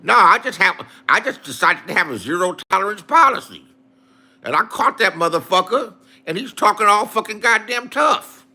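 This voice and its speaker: A man's voice: sits high, very animated, moderate pace, bright, forceful tone. A man in a profane, angry rant to his viewers, repeating insults. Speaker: online streamer.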